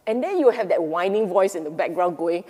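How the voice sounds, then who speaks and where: A woman's voice: lowish voice, lively intonation, fairly quick, mellow, long reverb tail. A woman teaching Dharma in an emphatic way, often repeating and rephrasing herself and acting out the inner voices of the mind. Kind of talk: Buddhist Dharma talk.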